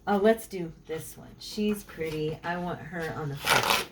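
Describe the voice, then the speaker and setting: A woman hosting a casual crafting tutorial, chatting and talking to herself as she works, with a frog in her throat that keeps her clearing it. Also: fairly low pitch, a little slow, very noisy. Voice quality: chatty, talks to herself while working. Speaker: craft channel host.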